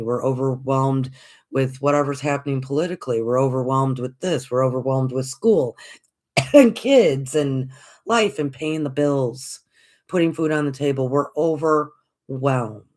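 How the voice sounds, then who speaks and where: A podcast host giving a reflective spiritual talk, gentle and encouraging, repeating phrases, asking rhetorical questions and calling listeners folks. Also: mid-range voice, measured pace.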